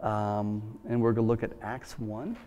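A man's voice: lowish voice, flat delivery, unhurried, mellow. Folksy man preaching a sermon. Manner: conversational, folksy, with many fillers. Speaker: pastor. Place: church.

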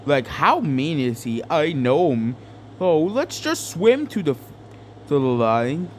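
A man's voice: fairly high pitch, very animated, slow pace, a little hiss or hum. A young man doing an improvised comedic fan dub, rambling and crude with lots of fillers. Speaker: fan dubber.

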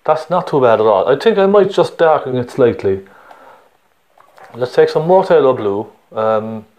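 A man's voice: medium pitch, a little mellow. A man with a Cork Irish accent teaching a painting lesson step by step, chatty and encouraging, often checking in with the viewer.

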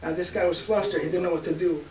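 A man, a rabbi, giving a storytelling sermon to a gathering, animated and acting out the people in his stories. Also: on the high side, quick pace, a crowd in the background. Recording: roomy, distant mic, faint hiss.

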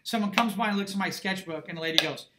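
A man's voice: high voice, quick pace, heavy background noise. A middle-aged man, an art instructor, giving a classroom lecture in an emphatic, conversational way and checking in with his students often.

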